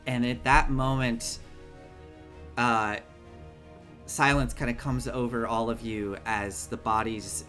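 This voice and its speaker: A man narrating a tabletop game as game master, relaxed, with many fillers. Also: mid-range voice.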